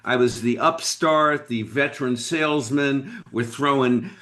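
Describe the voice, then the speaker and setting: Male guest, from Boston, animated emphatic storyteller, mid-pitched voice. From Boston, United States. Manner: emphatic, dramatic pauses, talks straight to the listener. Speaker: podcast guest, business leader.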